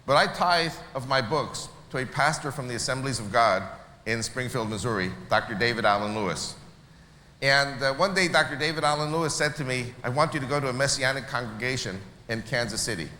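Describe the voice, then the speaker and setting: A man from Israel telling a story to an audience, animated and acting out the people he quotes. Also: mid-range voice, a little fast. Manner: animated, acts out quoted voices. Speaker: speaker at a church meeting. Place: large hall. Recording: echoey hall with faint noise.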